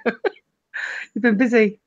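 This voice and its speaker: A woman calling into a live chat, speaking in a quick, offhand way. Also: fairly high pitch, dull audio. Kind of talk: casual chat.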